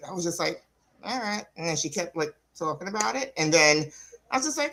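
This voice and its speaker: Bright-voiced New York woman. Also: mid-range voice, fairly quick, vocal fry, poor audio. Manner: animated storyteller, acts out quotes, laughs often. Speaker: wrestling podcast co-host. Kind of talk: casual chat.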